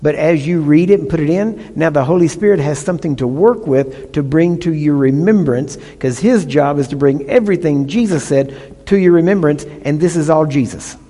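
A man's voice: fairly high pitch, normal speed, warm tone. Emphatic preacher man in a reverberant hall. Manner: emphatic teaching with call-and-response checks. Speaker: pastor. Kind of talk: sermon.

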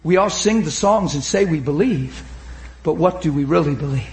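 A man preaching an impassioned sermon, shouting at times and then dropping to a hushed retelling, urging the crowd on. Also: a little high, lively intonation, moderate pace, roomy sound, a little hiss or hum. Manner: urges the crowd with repeated calls of "come on".

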